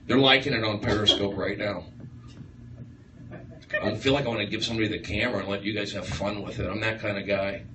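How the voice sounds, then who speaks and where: A man doing a rambling stand-up set, riffing excitably on the crowd in a small comedy room. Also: on the low side, brisk. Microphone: far live-stream phone mic. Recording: echoey, distant livestream with room noise.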